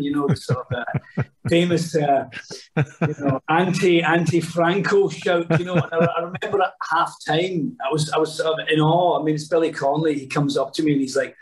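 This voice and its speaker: Scottish male actor, middle-aged, chatty anecdote teller, higher register, off-mic. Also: a little fast. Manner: rambling storyteller, many restarts and asides. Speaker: actor guest. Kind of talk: casual podcast anecdotes. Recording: voice a bit distant from mic.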